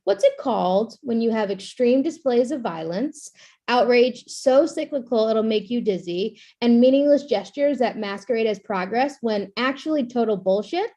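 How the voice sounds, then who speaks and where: A woman's voice: fairly high pitch, lively intonation, normal speed, warm tone. A woman from Brooklyn, chatting wittily and then performing a sardonic poem at an online open mic. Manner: witty, sardonic. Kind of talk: performance poetry and chat. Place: home, on a video call. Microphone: video call.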